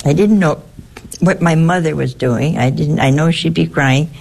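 An older woman, a nun, telling a personal story in a halting way, repeating words and adding chatty asides. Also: deep voice, fairly even intonation, gravelly, a little mellow.

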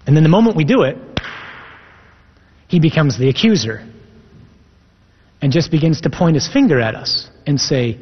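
Husky-voiced priest preaching a sermon. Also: male voice, on the high side, expressive, moderate pace, long pauses. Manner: earnest, emphatic, reads scripture aloud. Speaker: Catholic priest. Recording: echoey hall, dull lo-fi sound.

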